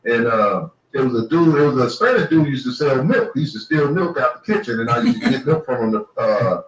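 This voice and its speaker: A man's voice: mid-range voice, expressive, fairly quick. A man hosting a casual, profane chat, rambling through stories and asking questions. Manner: laid-back, rambling, asks questions. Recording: roomy echo, distant mic.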